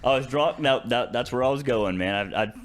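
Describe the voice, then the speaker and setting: A man's voice: medium pitch, brisk. A young man with a Southern American accent, telling a long rambling story on a casual podcast, full of fillers and restarts. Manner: rambling, many fillers and restarts, laughs through stories. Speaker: podcast co-host.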